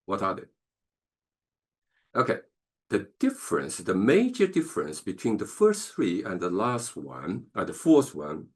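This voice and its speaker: Halting low-voiced male professor. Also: slightly rough. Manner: halting, many fillers and restarts, checks in with "okay?". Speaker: professor leading a business masterclass. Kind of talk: online masterclass lecture.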